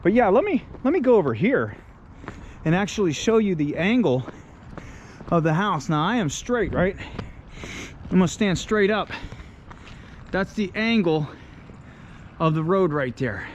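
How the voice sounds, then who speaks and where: A slow-talking, fairly high-voiced man, winded and laughing as he climbs a steep brick street. He chats to his handheld camera outdoors. Faint traffic noise hums behind him. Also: highs cut off. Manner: chatty, laughs often, easily excited. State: out of breath. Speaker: travel vlogger. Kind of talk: casual vlog walkthrough.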